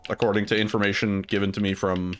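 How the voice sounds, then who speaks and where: A man's voice: fairly low pitch, level tone, quick pace. A man casually chatting and laughing as he streams a game, with goofy asides to his chat. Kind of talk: casual gameplay commentary.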